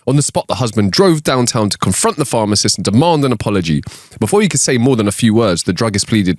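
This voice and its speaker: A man's voice: lowish voice, quick pace, dry recording. Guy telling dirty jokes on a podcast, voice all over the place, dry close sound. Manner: animated joke telling, laughs at punchlines. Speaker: podcast co-host. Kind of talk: reading jokes aloud in casual chat.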